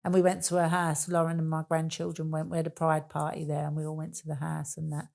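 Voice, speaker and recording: Gravelly low-voiced woman. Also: monotone, fast talker, a little mellow. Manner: chatty, rambling, laughs easily. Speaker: interview guest. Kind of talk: casual storytelling chat.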